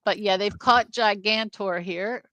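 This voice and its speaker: A woman co-hosting a casual film discussion, animated and jumping into movie lines. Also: unhurried, dry recording. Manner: animated, acts out movie lines with sudden pitch jumps. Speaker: film review co-host.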